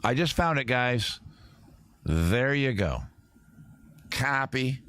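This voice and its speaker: A man's voice: mid-range voice, expressive, slow pace, a bit bright, smooth. A man from Maryland hosting a casual livestream, rambling and joking as he reads viewer comments aloud. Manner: rambling, jokey, talks to chat and guests. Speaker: livestream host.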